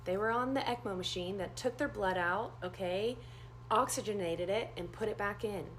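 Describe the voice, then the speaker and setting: A woman nurse telling a story in a casual first-person way, animated and acting out the dialogue. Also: normal speed, slight background noise. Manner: animated, acts out quoted dialogue with big pitch jumps.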